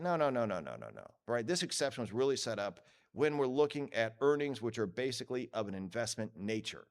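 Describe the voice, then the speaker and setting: A man giving a lively, joking lecture at a conference, acting out what others say. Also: mid-range voice. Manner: lively, joking, acts out quoted voices. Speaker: conference speaker. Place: conference hall.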